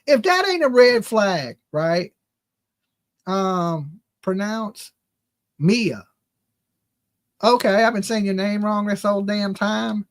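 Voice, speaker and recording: A man's voice: high voice, animated, takes it slowly. Blunt opinionated middle-aged man. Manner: blunt, opinionated, talks straight to chat. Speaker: true crime livestream host. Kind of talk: casual livestream commentary.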